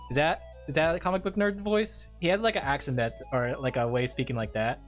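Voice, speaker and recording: A man's voice: fairly high pitch, steady tone, fast talker, hardly any pauses, soft background music. A man streaming live, chatting casually in a giggly, rambling way.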